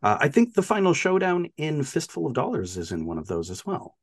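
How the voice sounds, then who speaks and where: A man's voice: on the high side, wildly swooping pitch, fairly quick, no room sound, studio quality. A man co-hosting a podcast, casually retelling a movie with lots of laughs and filler words. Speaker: podcast co-host.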